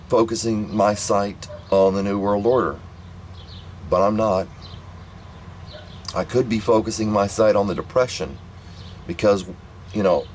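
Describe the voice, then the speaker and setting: Low-pitched man, casual rambling storyteller, faint noise behind. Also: rough recording. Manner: rambling, repetitive, many restarts. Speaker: vlogger telling a family story.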